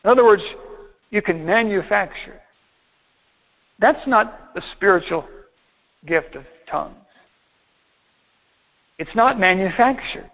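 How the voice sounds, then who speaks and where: A man with a high-pitched voice preaches to his congregation as their pastor, reading out verses and explaining each one in turn. He slows down to stress his key points. The sound is thin and tinny, like a phone line. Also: animated. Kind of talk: sermon.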